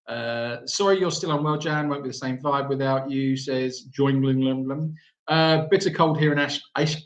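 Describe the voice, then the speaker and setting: A man's voice: fairly high pitch, reverberant. Chatty man reading live chat. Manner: chatty, joking, reads out viewer messages.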